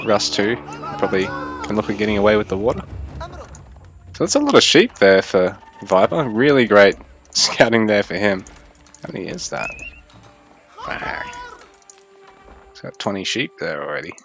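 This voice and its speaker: A young man casts a strategy game in a relaxed, thinking-aloud way. His voice sits a little low and stays mostly even. Faint music plays underneath. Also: moderate pace, long pauses, lo-fi sound. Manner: chatty, thinking aloud, fairly even delivery. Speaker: esports caster. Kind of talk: casual live game commentary.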